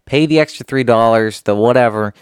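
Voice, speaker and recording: A man's voice: mid-range voice, brisk, smooth, no echo, studio quality. A man who works at a sandwich shop, telling a story in casual chat and voicing his customers. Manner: laid-back, quotes customers in voices.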